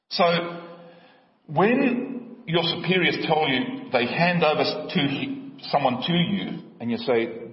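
Guy preaching a sermon, kinda high voice, fired up, echoey church from far off, dull sound. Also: expressive, takes it slowly. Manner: impassioned, rising to emphatic questions. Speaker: pastor. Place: church hall. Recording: echoey hall, distant mic, dull sound.

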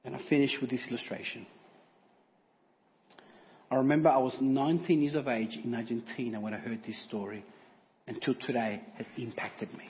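A man preaching a sermon, telling a story dramatically, swinging from loud declarations to hushed whispers. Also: medium pitch, steady tone, brisk, long pauses. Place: large church. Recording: reverberant church hall, dull lo-fi audio.

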